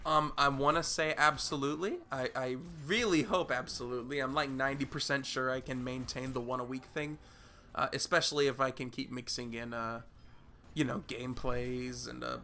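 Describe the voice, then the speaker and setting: A young man hosting his gaming channel with a sick, gravelly voice. He rambles loosely with plenty of "uh"s and restarts. His tone stays bright and forceful under the hoarseness. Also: medium pitch, fairly even intonation, a little fast, a little hiss or hum. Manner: rambling, repeats words and fills with "uh". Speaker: YouTube gaming channel host. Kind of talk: casual vlog Q&A.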